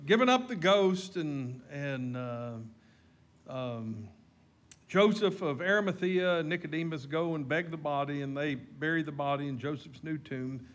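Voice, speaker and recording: A man preaching a sermon, retelling a story dramatically as his voice swings from loud to hushed. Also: fairly high pitch, expressive, unhurried.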